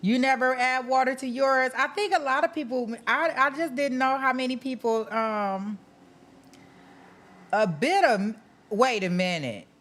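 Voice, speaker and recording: A woman's voice: high-pitched, a little slow, fairly bright tone. A middle-aged woman hosting a livestream, chatting casually with her viewers, reading out and answering their comments by name and often breaking into laughter. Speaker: livestream host. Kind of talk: casual chat with live viewers.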